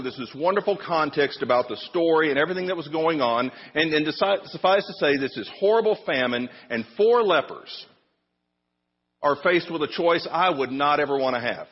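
Husky storytelling pastor in a hall. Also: male voice, a little high. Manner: storytelling, self-deprecating. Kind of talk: sermon. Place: church. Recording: dull sound in a reverberant hall.

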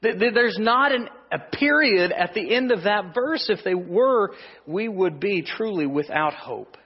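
A male pastor preaching a sermon to his congregation, swinging between loud emphasis and hushed, drawn-out lines. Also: high-pitched, lively intonation, slightly rough, big-room sound, muffled recording. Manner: asks the congregation for responses. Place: church sanctuary.

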